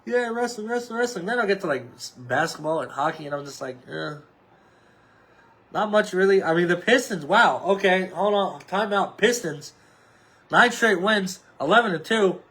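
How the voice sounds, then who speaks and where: Solo podcast host, thirties, male, higher register, offhand and rambling with lots of fillers. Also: animated, normal speed, bright, forceful tone. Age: 30s. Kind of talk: casual solo sports chat.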